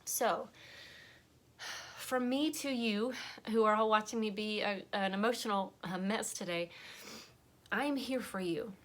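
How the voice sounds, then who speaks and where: A woman's voice: mid-range voice, measured pace, long pauses, a bit bright. A woman giving a heartfelt, rambling personal monologue while crying. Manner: earnest, rambling, emotional. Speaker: vlogger and podcast host.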